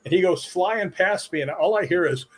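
A middle-aged man from Chicago, a stuntman guest, telling animated stories in a casual interview. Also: high-pitched, normal speed, background noise. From Chicago, USA. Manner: animated anecdotes with acted-out quotes.

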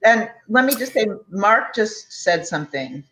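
A woman's voice: mid-range voice, very animated, measured pace, a bit bright. A woman hosting an interview over a video call, responding to her guest and passing on viewer comments. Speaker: host. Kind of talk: interview chat. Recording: roomy echo.

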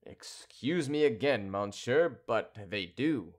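A man voicing a sly, composed townsman who speaks politely and in a measured, teasing way. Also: medium pitch, expressive.

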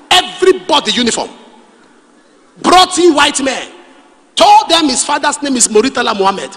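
High, lively Nigerian preacher. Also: male voice, big-room sound. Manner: animated, storytelling with pidgin asides. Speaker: pastor. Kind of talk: sermon.

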